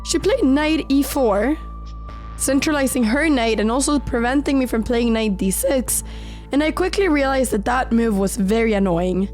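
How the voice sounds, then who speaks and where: A woman narrating her own chess game in a calm, measured voice-over, slightly sick with an occasional crack in her voice. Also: on the high side. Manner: calm, measured storytelling of moves. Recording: voice-over with faint background music.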